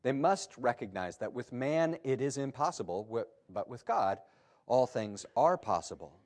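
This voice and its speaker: A man preaching a sermon as pastor, animated and emphatic, with sudden rises and drops in his delivery. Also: mid-range voice, normal speed.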